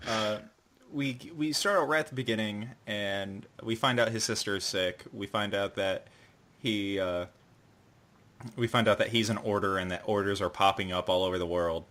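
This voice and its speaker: Low-voiced man hosting a casual podcast. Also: moderate pace, bright, forceful tone. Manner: leads the discussion, loose and profane, with many fillers. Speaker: podcast host.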